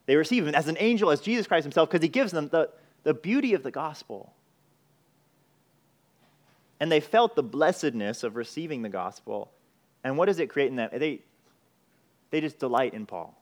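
A man's voice: a little high, expressive, moderate pace, long pauses. A man preaching a sermon in an earnest, conversational way, asking rhetorical questions and often restarting his phrases. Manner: frequent restarts and repeated words. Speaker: pastor.

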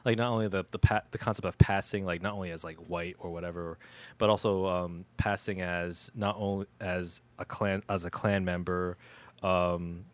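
A man's voice: low voice, fairly even intonation, moderate pace. A man co-hosting a casual podcast, reviewing a movie in a rambling, slangy way with lots of restarts. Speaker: podcast co-host.

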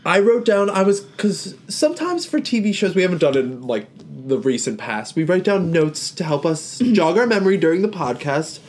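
A woman hosting a casual podcast, her pitch swinging widely as she talks. She keeps things relaxed and steers the chat from one segment to the next. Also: moderate pace. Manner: relaxed, organized, leads the segments. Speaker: podcast host.

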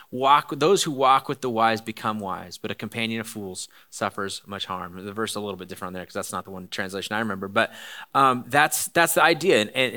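Bright, middle-pitched man in his forties, chatty pastor, rambling sermon delivery. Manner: rambling, many fillers and restarts, jokey asides. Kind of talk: casual conversational sermon.

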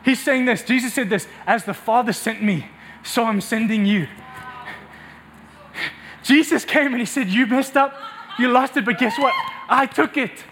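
Impassioned high-voiced male preacher. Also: moderate pace, pauses often, slight background noise. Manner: passionate, repetitive, rising to near shouts. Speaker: pastor. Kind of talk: sermon.

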